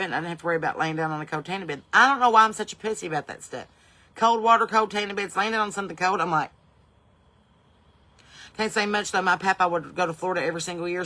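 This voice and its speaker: Southern woman comic host, middle-aged, bright voice, rambling and profane stories. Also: on the low side. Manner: brash, profane, rambling storyteller. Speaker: podcast host. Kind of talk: comedic storytelling monologue.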